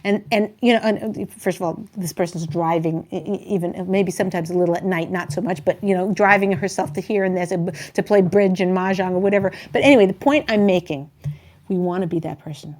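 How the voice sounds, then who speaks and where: Chatty animated woman giving relationship advice. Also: on the low side, fairly quick. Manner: chatty, animated storyteller who acts out quotes loudly. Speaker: talk show host and relationship coach. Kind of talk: casual advice talk.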